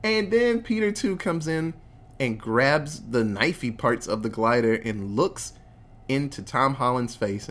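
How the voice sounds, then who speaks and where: A podcast co-host giving an excitable, profane, casual movie recap. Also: medium pitch, a little slow. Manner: excitable, profane, laughing often.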